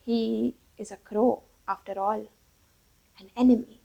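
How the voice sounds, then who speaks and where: A woman's voice: on the high side, fairly even intonation, a little slow, vocal fry, dark tone, dull audio. A woman voicing a wary, grim male owl minister who speaks with suspicion and urgency in a storybook tale.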